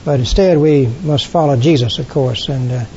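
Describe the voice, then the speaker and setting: An older man teaching a Bible study class, halting with frequent fillers and throat clearing. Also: mellow. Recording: dull lo-fi recording with faint rumble.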